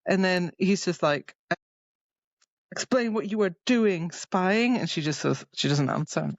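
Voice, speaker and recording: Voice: medium pitch, expressive, unhurried, dry recording, dull audio. A podcast co-host casually recapping a book's plot in a rambling way and quoting its dialogue. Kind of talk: casual book discussion.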